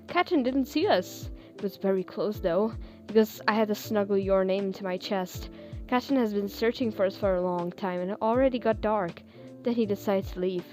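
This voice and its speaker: A woman's voice: mid-range voice, warm tone. A woman reading fan fiction aloud and then chatting casually with listeners, with fillers and small laughs. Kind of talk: casual storytelling and chat.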